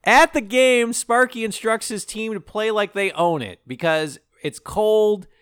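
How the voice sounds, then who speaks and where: A man co-hosting a podcast, recapping a movie plot in casual chat, animated and laughing often, tripping over his words. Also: high-pitched, unhurried, smooth. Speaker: podcast co-host.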